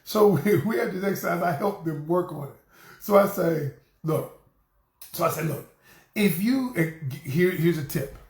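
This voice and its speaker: A middle-aged man coaching on relationships in a lively, preachy way, often turning to his listeners with a friendly y'all. His voice sits high for a man. The sound carries a noticeable room echo. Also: unhurried. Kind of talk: motivational talk to camera.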